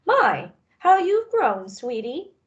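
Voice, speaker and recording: Doting old lady dog played by a woman, high and sweet, slow and lilting, storybook. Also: sing-song, dull audio, heavily acted. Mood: delighted. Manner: warm, doting. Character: sweet elderly female dog, motherly.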